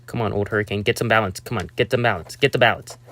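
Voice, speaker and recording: A young man casually narrating a hobby build, rambling and talking to himself with sudden excitable outbursts. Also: lowish voice, quick pace.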